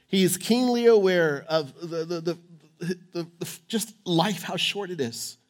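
A man preaching from the pulpit in an emphatic, repetitive way, hammering the same phrase over and over. His voice sits a little above the usual pitch for a man, and he stumbles and restarts as he goes. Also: expressive, unhurried. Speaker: pastor. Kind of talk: sermon. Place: church.

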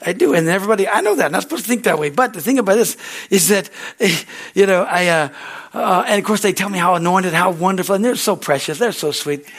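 A man's voice: high-pitched, lively intonation, quick pace. A man with an American accent preaching a sermon as pastor, in a folksy, rambling way, often asking "Amen?" and laughing at himself. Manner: self-deprecating, laughs easily.

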